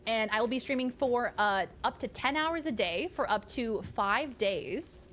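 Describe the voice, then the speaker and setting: A woman's voice: fairly high pitch, lively intonation, a little slow, a bit bright, a little hiss or hum. A woman streamer chatting casually and thanking viewers in a bubbly, talkative way. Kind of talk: casual live-stream chat.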